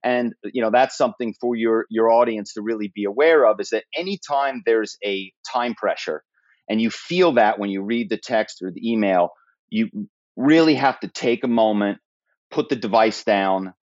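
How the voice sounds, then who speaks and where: A man, a former corporate spy, telling stories as a podcast guest in a lively conversational way. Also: on the low side, no room sound, muffled recording. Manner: animated, slips into put-on accents and quoted voices. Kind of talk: conversational interview storytelling.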